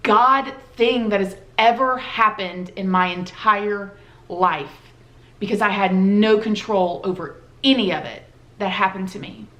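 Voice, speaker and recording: A woman's voice: mid-range voice, measured pace, a bit bright. Woman, personal storytime vlog, casual and heartfelt, roomy echo. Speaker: vlogger. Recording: roomy echoey room.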